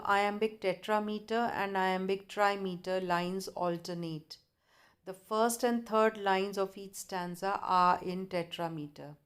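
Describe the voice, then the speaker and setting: Lady lecturer reading notes out slow, careful, fixes her own slips. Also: mid-range voice. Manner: measured, deliberate reading with occasional self-corrections. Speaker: college lecturer.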